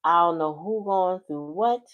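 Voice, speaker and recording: Woman tarot reader, low voice, relaxed slangy livestream chatter. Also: measured pace, dull audio. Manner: chatty, loose, folksy slang. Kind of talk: casual livestream tarot reading.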